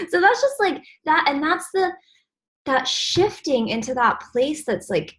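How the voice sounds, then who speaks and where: A woman hosting a video call, giving an animated, encouraging motivational talk to her team. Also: sits high, a little slow. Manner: animated and encouraging, acts out stressed inner voices.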